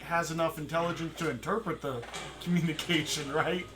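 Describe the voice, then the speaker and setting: A man's voice: a little high, steady tone, fairly quick. A man running a tabletop game session as dungeon master, joking and laughing loosely with his players.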